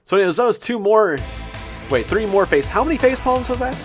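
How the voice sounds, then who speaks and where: A man's voice: high-pitched, expressive, brisk. Giggly man recapping a game. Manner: giggly, self-deprecating, frequent restarts. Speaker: gaming video host. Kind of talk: casual gameplay recap commentary. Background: loud game music.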